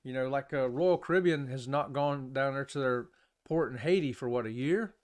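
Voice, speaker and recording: A man's voice: medium pitch, normal speed. A man hosting a casual live-streamed talk show, rambling, chatting with viewers and laughing often. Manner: laughs often between remarks.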